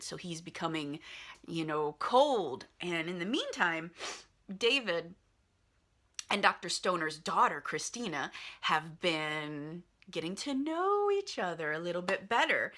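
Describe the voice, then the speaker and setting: A woman's voice: lowish voice, sing-song, a little slow, fairly bright tone. A woman casually retelling a movie's plot in a chatty, filler-heavy way, like talking to friends. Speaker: vlogger reviewing a movie.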